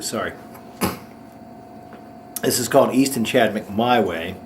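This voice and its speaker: A man hosting his own comedy show, ranting sarcastically with quick mocking asides. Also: fairly low pitch, a little hiss or hum. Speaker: host. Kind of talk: sarcastic comic monologue.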